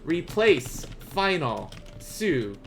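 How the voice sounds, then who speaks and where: A man's voice: fairly high pitch, big pitch swings, very slow, gravelly, faint music behind. A young man teaching a casual beginners' language lesson on a live stream, playful and chatty, often laughing at his own asides.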